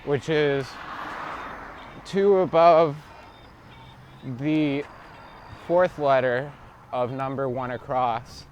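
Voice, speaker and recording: A man's voice: mid-range voice, fairly even intonation, drawn-out words, pauses often, slight background noise. A man rambling to himself in a profane, absurd stream of thought while cycling outdoors on city streets. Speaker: vlogger.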